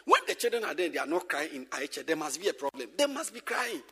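High, lively preacher in a hall. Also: male voice, fast talker, husky. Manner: animated, repeats phrases, swings from shouting to whispering. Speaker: pastor. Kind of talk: sermon to church workers.

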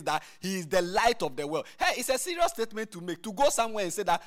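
A male preacher with a slightly high voice delivers a sermon in an emphatic, repetitive style. He keeps asking his listeners "all right?" and "do you see?" as he explains each point. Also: sing-song, quick pace. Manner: repeats phrases, asks the audience "all right?"; builds from quiet prayer to loud emphatic preaching.

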